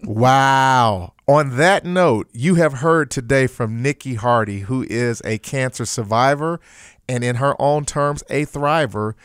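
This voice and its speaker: A man's voice: mid-range voice, a little slow, clear, resonant tone, dry recording, studio quality. A man hosting a faith-based interview podcast, affirming his guest with frequent interjections of praise. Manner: affirming, peppers talk with "praise God" and "amen". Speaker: podcast host.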